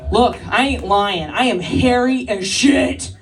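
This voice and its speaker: A woman's voice: medium pitch, expressive, a little slow, recorded from a distance, loud music behind the voice. A woman in her thirties doing a stand-up comedy set, working the crowd with brash, crude banter and frequent laughter. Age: 30s. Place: live club stage with audience.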